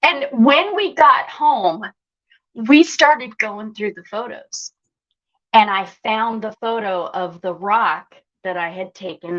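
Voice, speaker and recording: A woman's voice: medium pitch, slow pace, a bit bright, dull audio. A woman guest telling a personal story with animation, acting out the voices she quotes.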